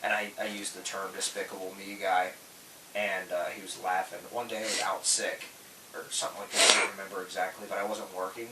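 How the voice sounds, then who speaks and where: A man casually telling stories on a podcast, acting out quoted people with loud, animated bursts. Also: sits low, a little fast. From Florida. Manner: animated, acts out quotes loudly. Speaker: podcast host, tool truck dealer. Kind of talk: casual storytelling chat. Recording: echoey room, distant mic, faint hiss.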